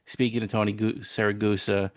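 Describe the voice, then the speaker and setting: A low-pitched man talking loosely about a film with friends. He is relaxed, jokes a lot and laughs easily. The sound is dry and close. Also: a little fast, no room sound. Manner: laid-back, laughs often, jokey. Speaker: podcast co-host. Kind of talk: casual movie chat.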